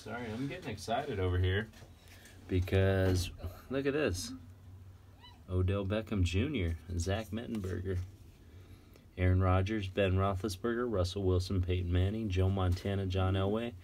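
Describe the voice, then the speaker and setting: A man casually chatting while going through a box of trading cards, excitedly rattling off names. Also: low voice, moderate pace, slight background noise. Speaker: card collector vlogger. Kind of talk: casual unboxing chat.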